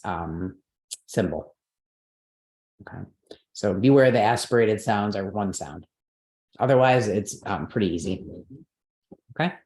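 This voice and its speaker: A woman's voice: extremely low pitch, a little mellow. Patient woman teaching in a roomy space. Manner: patient, checks understanding with frequent "right?" and "okay". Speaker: Sanskrit pronunciation teacher. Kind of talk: explanatory online class. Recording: roomy echo.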